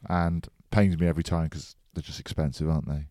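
Very deep-voiced relaxed man chatting. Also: brisk, no room sound, studio quality. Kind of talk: casual podcast chat.

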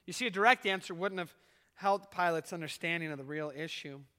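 A pastor preaching to his church, his voice high for a man and very bright and forceful. He delivers the sermon earnestly, letting his volume climb and fall. The sound carries a long echo from the church hall. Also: a little fast, clear, resonant tone. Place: church sanctuary.

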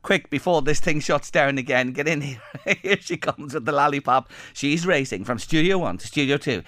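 A man's voice: fairly high pitch, normal speed, few pauses, a bit bright, no room sound. A man hosting live radio, teasing and laughing through a play-by-play of a studio challenge. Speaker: radio host.

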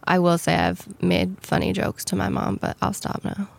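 A woman's voice: lowish voice, level tone, normal speed, vocal fry, no room sound. A woman hosting a podcast, chatting casually with lots of "like" fillers. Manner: chatty, filler-heavy, laughing. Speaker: podcast host. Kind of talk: casual interview chat.

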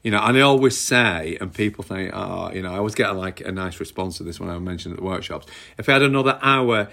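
Low-voiced northern English man chatting. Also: fast, creaky, sharp tone. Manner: conversational, rambling with restarts. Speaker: podcast co-host. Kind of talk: casual chat.

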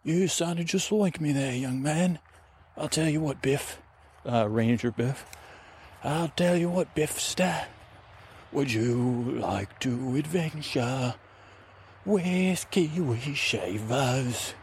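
A man voicing a dreamy, whimsical woodland adventurer with a slow, drawn-out, sing-song delivery, recorded outdoors on a handheld recorder. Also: mid-range voice, expressive, a little mellow, pitched above the performer's own voice. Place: outdoors on a wooded trail. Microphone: handheld recorder with fuzzy windscreen. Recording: faint outdoor traffic ambience.

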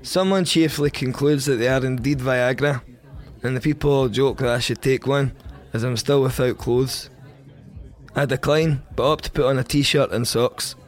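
A man's voice: medium pitch, steady tone, moderate pace. A Scottish man narrating a first-person story for a podcast in a wry, profane, vivid way. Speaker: podcast host.

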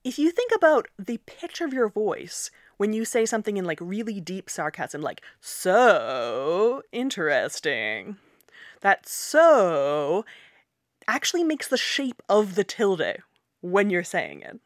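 A woman's voice: mid-range voice, normal speed, no room sound. Young woman linguist explaining, dry close sound. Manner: animated, explanatory, laughs often. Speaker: linguist and author, interview guest. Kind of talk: conversational interview.

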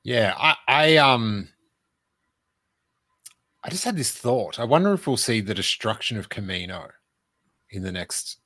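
A man's voice: lowish voice, animated, measured pace, pauses often, pushed and bright, dry recording. A man co-hosting a casual fan chat, teasing his partner and hesitating with fillers.

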